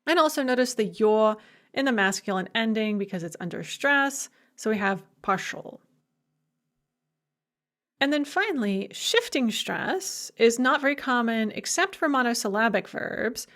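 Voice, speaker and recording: A woman teaches in a recorded lecture with a slightly raised pitch. She talks emphatically and keeps it lively with playful asides. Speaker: language instructor.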